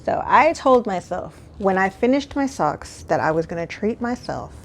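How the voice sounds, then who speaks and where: A woman from Texas, hosting her podcast in a casual solo chat. She gushes excitedly and pokes fun at herself as she talks. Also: medium pitch, moderate pace. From Houston, Texas. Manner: excitable, gushing, self-mocking. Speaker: podcast host.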